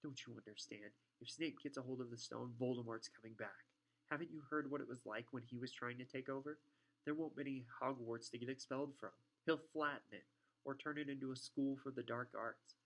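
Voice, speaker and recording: Guy reading a fired-up schoolboy, low and urgent, defiant, in his own voice. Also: brisk, a bit bright.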